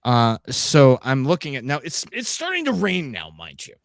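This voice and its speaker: A man's voice: medium pitch, huge pitch swings, normal speed, gravelly, no echo, clean studio sound. A middle-aged man co-hosting a podcast, telling a road-trip story casually, swearing and making sound effects. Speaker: podcast co-host.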